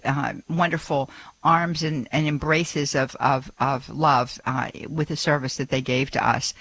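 A woman's voice: low-pitched, a bit bright, slightly rough, poor audio. A middle-aged woman hosting a call-in radio show, chatty and full of fillers and small laughs. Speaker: radio host.

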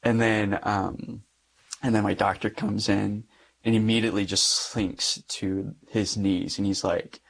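A man's voice: lowish voice, flat delivery, unhurried, vocal fry. A young adult man, a Catholic priest, giving a personal testimony in conversation, acting out the dialogue in his story with frequent light laughs.

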